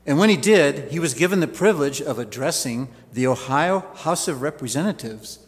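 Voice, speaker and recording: A male pastor delivers a sermon with a storyteller's touch and homely asides, his voice sitting a little high for a man. A long reverb from the church hangs after each phrase. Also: expressive, moderate pace. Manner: storytelling preacher with folksy asides.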